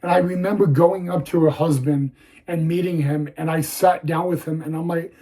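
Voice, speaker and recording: A young man telling a personal story on his vlog, halting and repeating words, audibly emotional and close to tears. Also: on the high side, steady tone, mellow. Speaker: YouTuber.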